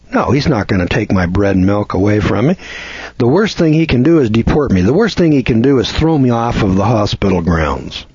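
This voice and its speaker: A blunt, scornful man rambles through a lecture with frequent restarts. His voice sits low and husky. The recording is dry and dull, with a lo-fi sound. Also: darkish tone, no echo. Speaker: seminar lecturer. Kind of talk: folksy lecture.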